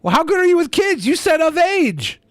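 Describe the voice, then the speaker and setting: Incredulous male co-host, high lively voice, dry close sound. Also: moderate pace, no echo. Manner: incredulous, mocking. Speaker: podcast co-host. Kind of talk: casual commentary.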